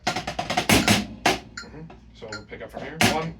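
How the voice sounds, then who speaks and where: A man teaching a drum lesson, counting and scatting the rhythms out loud. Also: fairly high pitch, takes it slowly, loud music behind the voice. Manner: counts and scats rhythms aloud. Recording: far from the mic, drums playing loud.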